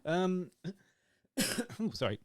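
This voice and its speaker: A man's voice: high voice, big pitch swings, extremely slow, a little mellow, no echo, studio quality. A man co-hosting a podcast in casual chat, rambling and acting out his own reactions. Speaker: podcast co-host.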